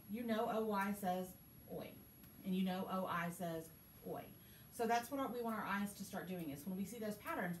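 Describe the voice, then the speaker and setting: A female teacher leads a small group through a reading lesson, patiently encouraging them and asking questions. Her mid-pitched voice is picked up from far across the school classroom, with a roomy echo and faint background noise.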